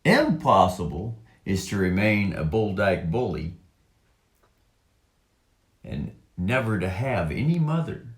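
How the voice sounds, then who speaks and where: A man slowly reading a text aloud and commenting on it in a rambling monologue, halting with drawn-out words and many fillers. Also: on the low side, very animated, roomy sound. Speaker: online commentator.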